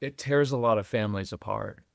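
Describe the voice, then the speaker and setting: A middle-aged man guesting on a podcast about parenting, who talks in an animated, conversational way and acts out what other people say. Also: brisk, vocal fry, no echo. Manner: animated, acts out quoted voices with jumps in pitch. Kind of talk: conversational interview.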